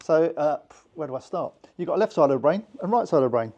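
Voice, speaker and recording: A man's voice: on the high side, animated, fast, dark tone, muffled recording. Chatty British man teaching a group. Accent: British English. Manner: chatty, acts out little voices and scenes. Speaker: hypnosis instructor. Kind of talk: informal teaching to a small group.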